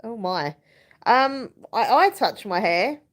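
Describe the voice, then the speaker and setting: A woman's voice: a little high, lively intonation, takes it slowly. A young woman hosting a casual live chat from home, rambling and giggling as she reads viewers' comments. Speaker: live stream host.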